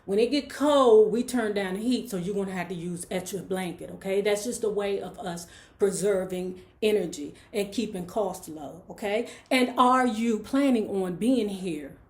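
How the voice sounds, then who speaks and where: A woman's voice: mid-range voice, normal speed, a little mellow, lightly acted. A woman reading aloud as a strict, God-fearing landlady who lays down her rules one firm point after another. Her voice sits in a middling register, and the recording carries a roomy echo. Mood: stern. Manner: stern, lays down house rules. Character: strict churchgoing West Indian landlady.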